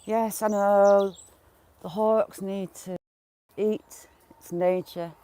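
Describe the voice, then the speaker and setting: Doing yard chores outdoors beside a field, a smallholder chats on a live stream, talking to the animals and viewers and swearing mildly as birds and chickens sound nearby. The voice is medium-pitched, warm, clear and resonant, with fairly even intonation and a slow pace.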